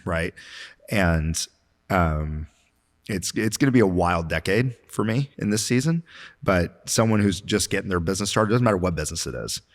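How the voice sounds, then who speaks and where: Deep-voiced motivational man in a reverberant room. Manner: earnest, motivational, filler-heavy. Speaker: podcast guest, business owner. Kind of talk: casual interview talk.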